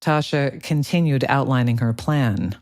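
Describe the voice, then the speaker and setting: A man narrating a political thriller audiobook in a steady, even reading. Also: mid-range voice, unhurried, no room sound. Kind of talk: scripted narration.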